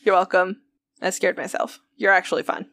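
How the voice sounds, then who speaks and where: A woman co-hosting a podcast, telling stories in an animated, giggly way with lots of swearing. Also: mid-range voice, fairly quick, no room sound. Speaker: podcast co-host. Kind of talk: casual chat.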